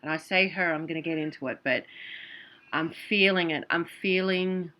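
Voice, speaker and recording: A woman's voice: low-pitched, brisk, bright, forceful tone. A woman telling a personal story in a casual, earnest way, often repeating herself. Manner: earnest, repetitive, emotional. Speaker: vlogger and clairvoyant.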